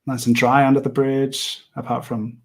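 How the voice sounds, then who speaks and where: A man hosting an art livestream, chatting casually while he sketches, rambling with many pauses and small laughs. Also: mid-range voice, level tone, creaky. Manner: rambling, hesitant, laughs often. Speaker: livestream host and artist.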